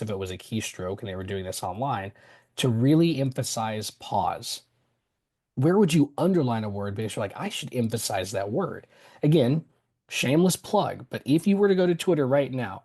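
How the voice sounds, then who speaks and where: A man in his thirties, a middle school reading teacher, talking a podcast host through his classroom methods step by step. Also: medium pitch. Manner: animated, explanatory, walks the listener through steps. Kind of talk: conversational explanation on an education podcast.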